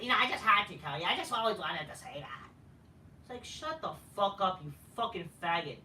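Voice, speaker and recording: A woman's voice: lowish voice, lively intonation, normal speed, bright, forceful tone, a little hiss or hum. A woman hosting a wrestling show review, ranting in a crude, sarcastic, heated way. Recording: echoey room, far from mic.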